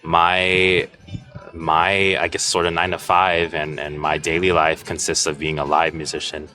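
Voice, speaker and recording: Deep-voiced easygoing young man. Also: little pitch movement, measured pace, bright, forceful tone, faint music behind. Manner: easygoing, laughs often, many fillers. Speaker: musician guest. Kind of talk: casual conversation.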